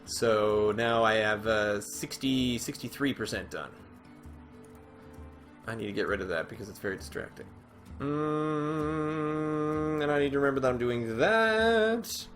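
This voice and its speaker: A man's voice: medium pitch, lively intonation, unhurried, pauses often, fairly bright tone, faint music behind. A man giving casual gameplay commentary as a video host, rambling, self-deprecating and thinking aloud with frequent fillers and restarts.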